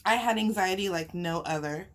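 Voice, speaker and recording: A young mukbang vlogger tells a personal story while eating, her fairly low voice running a little fast. She's emotional and chatty, sighing and laughing often.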